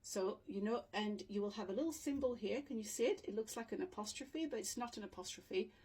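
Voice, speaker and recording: This woman's mid-range voice is fairly quick, a bit mellow and slightly rough. She teaches dictionary pronunciation in a casual video lesson, patiently checking in with "okay?" No microphone is used, so room sound is present and her voice occasionally drifts off from the camera.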